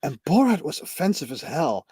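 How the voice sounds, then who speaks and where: A man's voice: a little high, sing-song, normal speed, dark tone, slightly rough, dry recording. A man co-hosting a casual live chat, easygoing, chuckling and agreeing a lot. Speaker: co-host.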